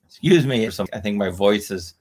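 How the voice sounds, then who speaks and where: Author guest, male, lowish voice, a bit hoarse, earnest, repeats points. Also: lively intonation, a little slow. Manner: earnest, explanatory, repeats phrases. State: slightly hoarse. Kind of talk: podcast interview.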